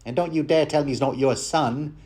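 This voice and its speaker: Bawdy Cockney innkeeper lady, high and teasing, put on by a man. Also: a little fast, darkish tone, close to an everyday voice. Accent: Cockney, attempted.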